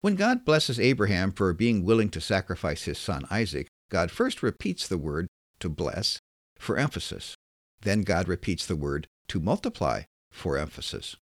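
A man reading a scripted Bible lesson in a measured, emphatic way. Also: deep voice, huge pitch swings, no room sound, clean studio sound. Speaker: Bible teacher.

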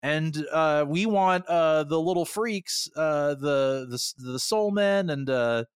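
A man's voice: a little high, slow pace, smooth, dry recording, studio quality. A man co-hosting a podcast in casual chat, wry and teasing, dropping laughing asides. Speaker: podcast co-host.

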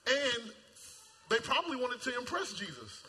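A man preaching a sermon in a casual, colloquial way, animated and playful, jumping into character voices and shouting at high points. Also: moderate pace, a little hiss or hum. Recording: long hall reverb, faint ambience.

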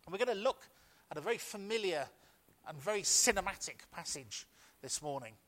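A man preaches in a church, leading into scripture with an extended story. He restarts his phrases often as he speaks, and his voice sits a little high for a man. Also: animated, brisk, fairly bright tone. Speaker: pastor. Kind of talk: sermon.

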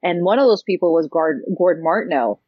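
A woman answers interview questions with a lively storytelling manner, acting out the people she quotes. Her voice sits on the lower side. The recording is dry and a little dull, with no room echo. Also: fairly quick. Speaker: TV host and interviewee.

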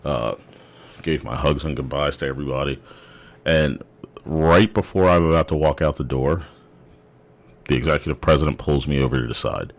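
Brief: young man, extremely low voice, casual rambling storyteller who restarts his sentences. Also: normal speed, long pauses.

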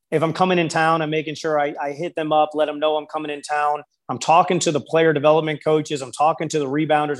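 A man who works as a basketball skills coach, telling stories in an interview and acting out the people he quotes. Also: a little high. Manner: storytelling, quotes people in lively voices. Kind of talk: interview conversation.

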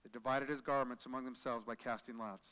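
A man preaching a sermon as pastor, swinging between hushed, quiet passages and loud, forceful ones. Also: medium pitch, steady tone, brisk, smooth. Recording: muffled recording in a large echoing hall.

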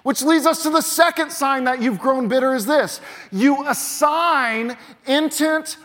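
A higher-pitched man preaches from the pulpit, leaning hard into key words and then dropping to a hush. His voice rings out through the long reverb of a large church hall. Each point lands with insistent emphasis. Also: unhurried. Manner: emphatic, swings between loud punches and quiet drops. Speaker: pastor. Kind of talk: sermon.

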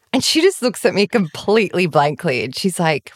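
A woman from Australia, speaking in a low voice as a podcast guest. She tells her stories with animation and acts out the lines of the people in them. The sound is close and dry. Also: moderate pace, no room sound. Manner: animated storytelling, acting out her own dialogue. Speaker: guest author. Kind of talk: podcast conversation.

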